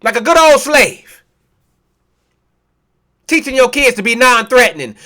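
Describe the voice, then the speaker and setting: A man's voice: very high voice, animated, a little slow, pauses often, pushed and bright. A male preacher delivering a sermon, mocking and impassioned, with many rhetorical questions. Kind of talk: sermon with scripture reading.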